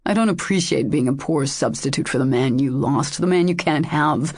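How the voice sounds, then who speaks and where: A woman's voice: very deep voice, normal speed, darkish tone, husky, heavily acted. A woman voicing a jealous, angry lover who speaks harshly and coldly, in an audiobook. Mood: harsh, bitter. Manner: harsh, cold, cutting.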